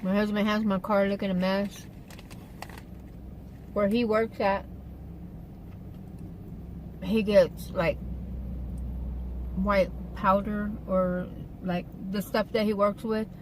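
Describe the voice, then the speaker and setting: A woman's voice: medium pitch, flat delivery, slow, long pauses, a little hiss or hum, low-quality recording. A woman chatting casually in her car on an eating-show vlog, rambling along with fillers and asides. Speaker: vlogger. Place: inside a parked car.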